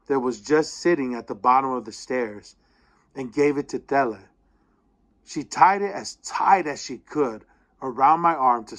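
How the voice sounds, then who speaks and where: A man reads a student's essay aloud in an ordinary mid-range voice. He tells it like a story and lingers on the tense parts. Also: medium pitch. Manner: expressive storytelling, slowing down at tense moments.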